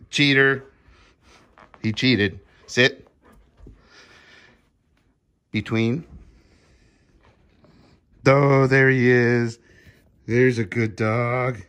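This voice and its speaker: A man's voice: mid-range voice, fairly bright tone. A middle-aged man, casually filming himself giving short commands and easygoing praise to a dog. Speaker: dog owner filming a training demo. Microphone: handheld camera he films himself.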